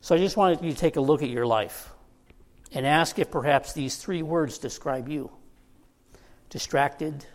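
A male pastor preaching a sermon in a relaxed, conversational way, slipping joking asides to the listeners between points. His voice sits a little above the usual male range. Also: fairly high pitch, a little slow, long pauses.

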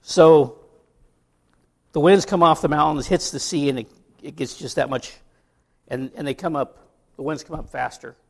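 Gravelly conversational male preacher. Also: on the high side, steady tone, normal speed, long pauses. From United States. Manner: conversational preaching with asides and rhetorical questions. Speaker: pastor. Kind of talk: sermon.

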